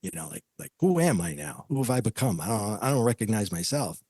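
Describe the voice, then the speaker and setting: A man's voice: on the low side, very animated, a little fast, a little mellow, slightly rough, no echo. A man telling a personal story as a podcast guest, acting out the voices of the people he quotes.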